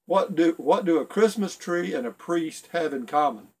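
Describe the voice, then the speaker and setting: A man's voice: on the high side, animated, moderate pace. A middle-aged man casually reading jokes aloud for his video blog, rambling a bit and chuckling at his own punchlines. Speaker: video blogger telling jokes.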